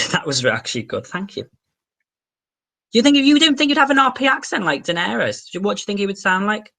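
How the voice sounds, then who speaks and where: A man's voice: high-pitched, big pitch swings, a little fast, gravelly, bright, forceful tone. A man livestreaming, casually reading viewer comments and answering questions in an offhand, chatty way.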